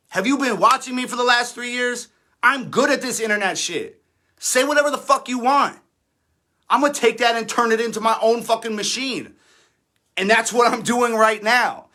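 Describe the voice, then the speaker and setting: An independent rapper in his thirties goes on a defiant, sarcastic livestream rant laced with frequent swearing. His voice sits high and sounds pushed and bright.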